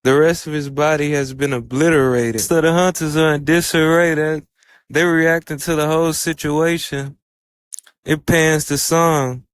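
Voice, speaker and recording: Smooth-voiced man recapping anime casually. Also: on the high side, level tone, measured pace, no room sound. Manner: loose, conversational storytelling with "like" fillers. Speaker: anime reviewer.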